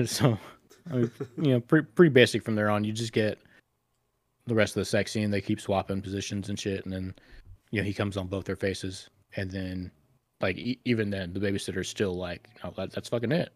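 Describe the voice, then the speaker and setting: A man's voice: fairly low pitch, steady tone, normal speed, no echo. A man co-hosting a casual podcast, retelling scenes in a crude, rambling way full of swearing. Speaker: podcast co-host.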